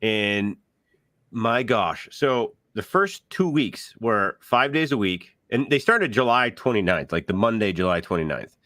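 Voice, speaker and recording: A man's voice: fairly low pitch, lively intonation, unhurried, bright, forceful tone, dry recording. A middle-aged man co-hosting a casual podcast chat, rambling through everyday stories and acting out what other people said. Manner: rambling storyteller, acts out quoted voices. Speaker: podcast co-host.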